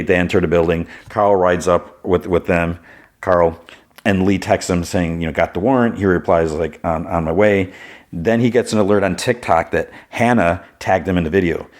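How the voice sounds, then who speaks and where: A man's voice: low voice, a little mellow. A man hosting a podcast, recapping a TV episode in a chatty way, full of "like" and "you know.". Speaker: podcast host.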